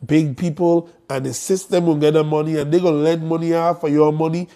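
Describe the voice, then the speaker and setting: Male host, warm and higher-pitched, blunt and joking on a live stream. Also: fairly even intonation, a little fast. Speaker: host promoting an estate planning conference.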